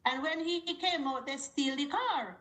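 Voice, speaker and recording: A woman with a very high voice calls in to a talk show. She tells a long story and acts out every back-and-forth herself. Her voice comes through with a roomy echo. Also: moderate pace. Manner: animated storytelling with quoted dialogue. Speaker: caller. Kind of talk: call-in story.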